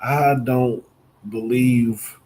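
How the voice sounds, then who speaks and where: A man's voice: medium pitch, fairly even intonation, very slow, dark tone, low-quality recording. A man co-hosting a podcast, talking casually and repeating words as he thinks. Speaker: podcast co-host.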